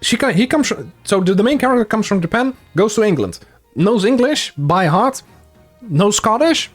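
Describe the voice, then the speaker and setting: A man's voice: high-pitched, animated, normal speed, faint music behind. A young man streaming a game, casual and self-mocking, swearing freely. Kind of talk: let's-play commentary.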